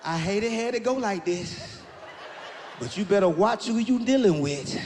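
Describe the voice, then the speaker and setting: A man voicing a spiteful heartbroken ex-girlfriend who shouts and gloats. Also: sits high, expressive, moderate pace. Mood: gloating. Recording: reverberant live venue with faint room noise.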